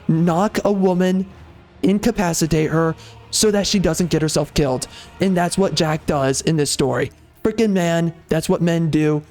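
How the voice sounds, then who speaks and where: A man's voice: a little high, a little mellow. A man hosting a gaming channel, giving opinionated commentary in a rambling, emphatic way with many fillers and restarts.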